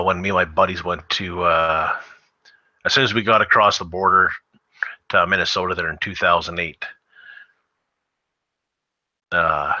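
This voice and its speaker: Bright-voiced Canadian man telling stories. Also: sits low, dry recording, lo-fi sound. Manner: rambling storyteller with many fillers. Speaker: host. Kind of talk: casual chat.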